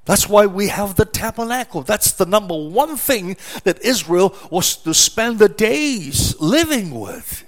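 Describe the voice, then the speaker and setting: High-pitched man preaching slowly. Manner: emphatic, repetitive preaching cadence with rhetorical questions. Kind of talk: sermon.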